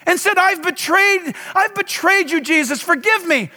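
Middle-aged male pastor, impassioned and loud, high bright voice, big reverberant church hall. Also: moderate pace. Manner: impassioned, loud preaching with dramatic swings. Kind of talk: sermon.

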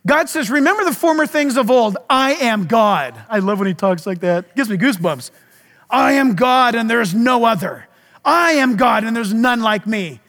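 High-voiced man preaching in a hall. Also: fairly bright tone. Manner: emphatic, asks the audience rhetorical questions. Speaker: pastor. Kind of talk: sermon. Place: church service.

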